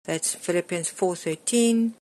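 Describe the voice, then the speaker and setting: A woman's voice: lowish voice, unhurried, mellow. A middle-aged woman preaching a sermon, earnest and emphatic as she reads and explains scripture.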